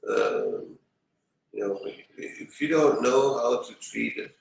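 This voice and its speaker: Slow, gravelly-voiced man streaming. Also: mid-range voice, wildly swooping pitch, heavy reverb, distant mic, slight background noise, poor audio. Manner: rambling, fills with "you know". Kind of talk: casual storytelling to viewers.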